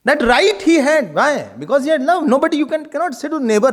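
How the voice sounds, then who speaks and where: Animated high-voiced Indian swami. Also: male voice, a little fast, hardly any pauses. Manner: animated, laughs often, tells jokes, mixes in Hindi words. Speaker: swami giving a spiritual talk. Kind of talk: devotional talk with humor.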